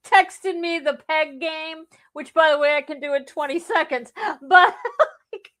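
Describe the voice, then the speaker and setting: High-voiced teasing woman. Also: unhurried, fairly bright tone. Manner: laughs often, teasing. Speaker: podcast co-host. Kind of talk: casual joking chat.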